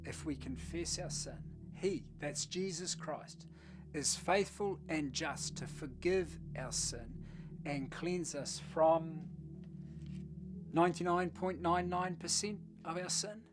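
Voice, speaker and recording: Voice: medium pitch, slow pace. Conversational pastor over background music. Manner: conversational, storytelling. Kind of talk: short devotional message.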